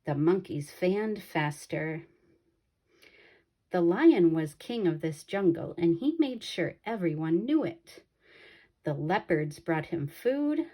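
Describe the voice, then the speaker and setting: A woman reading a children's picture book aloud in a slow, expressive way. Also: lowish voice. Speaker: storybook reader.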